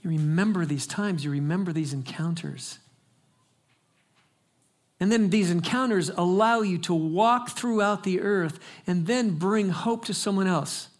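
A man's voice: high-pitched, a little slow. A man preaching a sermon as pastor, telling stories in a conversational way and building to emphatic exhortation.

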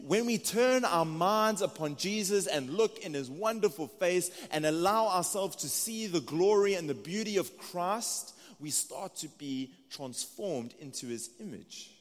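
A man in his thirties with a South African accent, preaching a sermon in a conversational, earnest way. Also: fairly high pitch. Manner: conversational, earnest, with restarts and asides. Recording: long reverb of a large hall.

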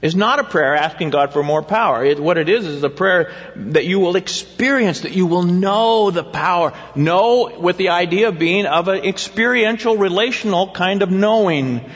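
A man with a high, animated voice preaches a sermon conversationally, often asking the congregation questions. He speaks at normal speed with few pauses, and the recording sounds dull with a long hall reverb.

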